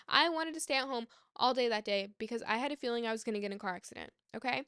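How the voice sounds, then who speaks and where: A woman in her twenties telling a casual storytime in an animated, swearing way, acting out the people she quotes. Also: fairly high pitch, fast, few pauses, clear, resonant tone, no echo, clean studio sound. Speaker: vlogger.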